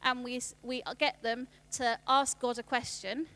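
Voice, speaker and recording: A woman, giving a workshop talk on children's ministry in a chatty way, with quick asides and restarts. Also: fairly high pitch, little pitch movement, sharp tone.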